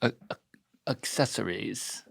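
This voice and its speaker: A man's voice: mid-range voice, a little slow, gravelly, a bit bright. A middle-aged man hosting a casual podcast chat, teasing and acting out quoted voices. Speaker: host.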